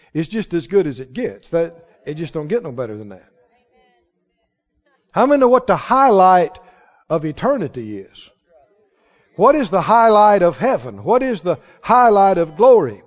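A man's voice: high voice, very animated, a little slow, pauses often. A male pastor preaching a sermon with emphatic, rising declarations to a church congregation. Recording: dull sound with long hall reverb.

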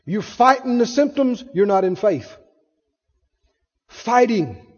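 A man's voice: very high-pitched, expressive, slow, long reverb tail, dull audio. A male preacher delivering an emphatic sermon, calling out to the congregation for responses and acting out voices.

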